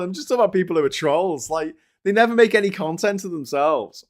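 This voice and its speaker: A man's voice: sits high, lively intonation, fast talker. A middle-aged man with an English accent hosting a casual live-stream, chatty and restless, laughing often as he mocks trolls and critics. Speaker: host.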